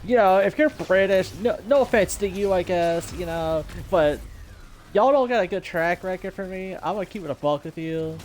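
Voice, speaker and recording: A man's voice: high-pitched, moderate pace, darkish tone, a little hiss or hum. Rambling man telling gaming stories. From United States. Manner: rambling, laid-back, laughs often, frequent fillers. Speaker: gaming storyteller. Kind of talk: casual story time monologue.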